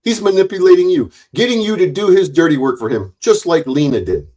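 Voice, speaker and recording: A man who runs his own channel, delivering a heated livestream rant in a forceful, mocking and sarcastic way, full of swearing. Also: sits high, lively intonation, a little fast. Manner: loud, forceful delivery that he calls passion. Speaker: YouTube channel owner.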